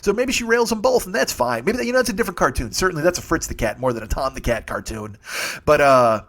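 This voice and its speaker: Brief: forties male comic host, quick, profane, rambling home-podcast monologue. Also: on the high side, lively intonation, fairly bright tone. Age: 40s. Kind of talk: solo comedy monologue. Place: home studio. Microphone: studio mic with earbuds.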